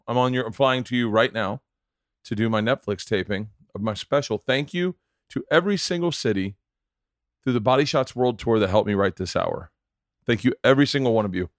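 A man's voice: mid-range voice, no echo, studio quality. A man hosting a casual podcast, talking in an earnest, rambling way and repeating himself. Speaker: podcast host and touring comedian.

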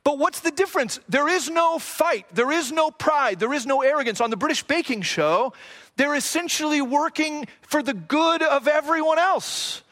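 A middle-aged man preaches a sermon with a notably high voice. He builds points through repeated phrases and rhetorical questions, dropping in light self-deprecating asides along the way. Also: normal speed, fairly bright tone. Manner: earnest, repetitive preaching cadence with rhetorical questions; self-deprecating asides, jokes about his own accent. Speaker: pastor.

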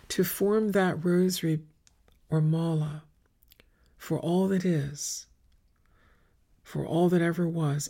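Woman, retreat teacher, meditative spiritual talk, husky, half-whispered, slow and incantatory. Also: low-pitched. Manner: soft, often dropping to a whisper, incantatory lists.

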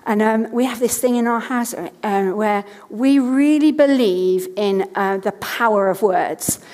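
A woman's voice: medium pitch, unhurried, a little mellow, in a large hall. A woman in her thirties preaching a sermon from a church stage, telling family stories chattily and repeating key lines with earnest emphasis.

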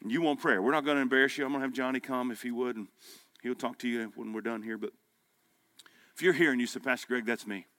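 Male pastor, bright forceful tone, folksy emphatic sermon delivery. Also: medium pitch, fairly even intonation, fast. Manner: folksy, emphatic preaching, rising to loud peaks. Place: men's breakfast gathering hall.

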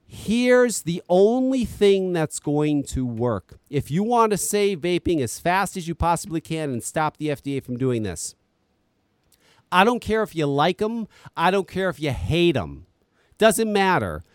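A man's voice: a little high, big pitch swings, unhurried, clean tone, no echo. A man ranting on a podcast, exasperated and profane, talking close to the mic. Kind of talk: heated podcast commentary.

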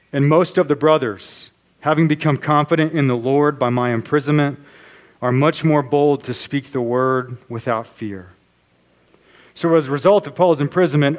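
Man, pastor, sermon, earnest, measured delivery, mid-pitched voice. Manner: earnest, measured preaching with slow emphatic phrases.

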